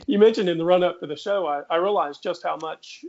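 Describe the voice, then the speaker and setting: Joking man, slightly higher voice. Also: brisk. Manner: joking, self-deprecating, rambling with fillers. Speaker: podcast co-host. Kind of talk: casual podcast chat. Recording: slightly muffled podcast audio.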